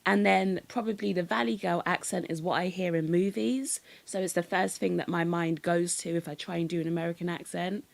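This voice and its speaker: A woman's voice: lowish voice, steady tone, brisk, vocal fry, hardly any pauses. A British woman chatting casually on a livestream, laughing easily as she talks.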